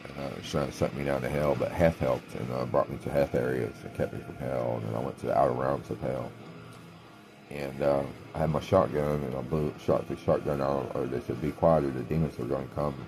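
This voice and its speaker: Very deep, gravelly-voiced man rambling. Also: fairly even intonation. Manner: meandering, trailing off, frequent "uh" pauses. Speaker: self-described clairvoyant. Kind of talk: rambling spiritual monologue.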